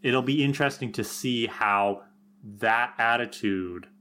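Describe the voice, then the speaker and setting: A man's voice: mid-range voice, unhurried, sharp tone, smooth. A man co-hosting a podcast, giving thoughtful, analytical commentary in casual chat. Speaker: podcast co-host.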